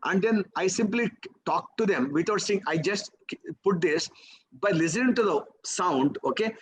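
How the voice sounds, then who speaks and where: A man with an Indian English accent leads a live teaching session, his voice sitting noticeably high. He talks the class through exercises with a stream of rhetorical questions, tagging lines with "okay?" and "right?" to keep them with him. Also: expressive, normal speed, a little hiss or hum, poor audio. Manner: coaxing, peppers talk with "okay?" and "right?". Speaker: memory trainer.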